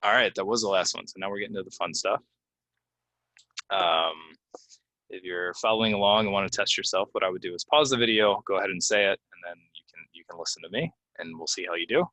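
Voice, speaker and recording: Male teacher, deep and bright, dry close sound, casual and filler-heavy. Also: no room sound, rough recording. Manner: casual, explains with many fillers and repeats words slowly. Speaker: English pronunciation teacher. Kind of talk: relaxed video lesson. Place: Florida.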